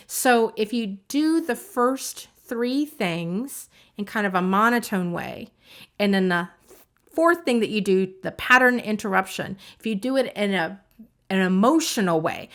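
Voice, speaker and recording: A woman's voice: mid-range voice, a bit bright. Conversational woman coach explaining a concept. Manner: conversational, acts out self-talk with shifting emphasis. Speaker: creativity coach. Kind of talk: casual teaching talk.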